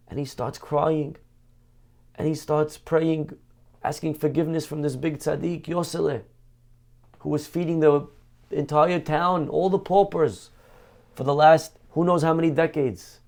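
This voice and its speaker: Dramatic storytelling rabbi. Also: male voice, fairly high pitch, steady tone, creaky, darkish tone. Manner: dramatic storyteller, slows and rises at emotional peaks. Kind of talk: storytelling Torah class.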